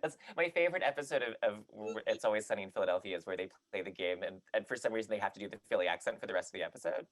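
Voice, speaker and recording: A man on a podcast panel, chatting loosely with fillers and then reading a poem aloud in a measured way. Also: fairly low pitch, no room sound. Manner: chatty, many fillers and restarts in talk, measured when reading. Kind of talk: casual chat and poetry reading.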